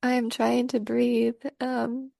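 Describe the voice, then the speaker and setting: A woman's voice: a little high, monotone, takes it slowly, creaky, warm tone, no echo, studio quality. A woman hosting a spiritual conversation, talking in an effusive, emotional way full of gushing praise. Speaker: host.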